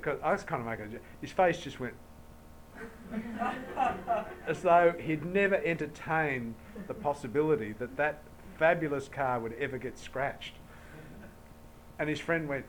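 A man's voice: medium pitch, animated, unhurried, pauses often, low-quality recording. A man giving a Buddhist dharma talk to an audience, telling anecdotes and acting out dialogue in a jokey way. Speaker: Buddhist teacher.

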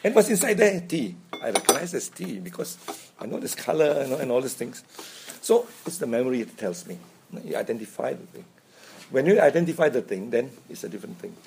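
A man's voice: mid-range voice, very animated, fairly quick, vocal fry, noisy background. A man giving an informal Buddhist dharma talk, chatty, chuckling often and checking in with "right?". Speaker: Buddhist teacher.

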